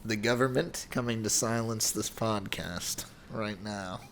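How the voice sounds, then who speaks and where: A man's voice: lowish voice, a little slow, a bit bright, a little hiss or hum. A man co-hosting a casual comedy podcast, reacting in a laid-back way and laughing along. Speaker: podcast co-host.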